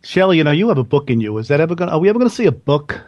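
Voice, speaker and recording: A man's voice: fairly high pitch, very animated, racing, darkish tone. A man hosting a podcast, interviewing a guest in a chatty way and praising him. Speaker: host.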